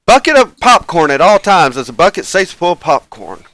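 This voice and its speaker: A man's voice: high-pitched, sing-song, moderate pace, fairly bright tone. A man hosting a live tabletop game stream, chatting casually and rambling with frequent chuckles and fillers. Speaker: game master and stream host.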